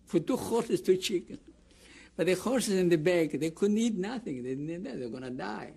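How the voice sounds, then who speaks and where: High, warm, gravelly and husky, the older man's voice carries lively intonation at a normal pace. A Greek-accented camp survivor, he rambles through his oral history story, restarting and acting out quoted people.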